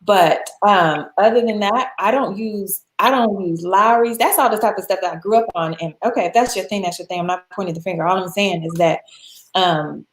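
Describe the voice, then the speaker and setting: Lively American woman in a roomy space. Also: mid-range voice, fairly quick. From United States. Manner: animated, laughs often, acts out quoted voices. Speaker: guest. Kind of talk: casual storytelling chat. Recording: roomy echo.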